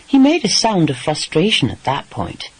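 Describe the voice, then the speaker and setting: A man narrating a romance audiobook in a steady, even storytelling delivery. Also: fairly high pitch, normal speed, husky, no room sound, poor audio.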